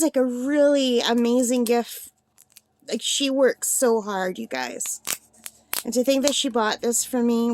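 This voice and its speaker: A sixty-year-old woman unboxing a birthday gift on her vlog, gushing with breathless excitement. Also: high voice. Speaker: art supply vlogger.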